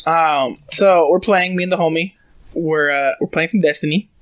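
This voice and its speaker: A man's voice: a little high, moderate pace, no room sound. A young man telling a long, rambling family story in casual podcast chat, swearing often. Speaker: podcast co-host.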